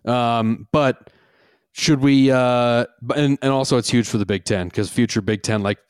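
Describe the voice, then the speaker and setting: A man's voice: medium pitch, steady tone, moderate pace, clear, resonant tone, dry recording, studio quality. A man co-hosting a casual sports podcast, talking earnestly and thinking aloud with restarts. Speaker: podcast co-host.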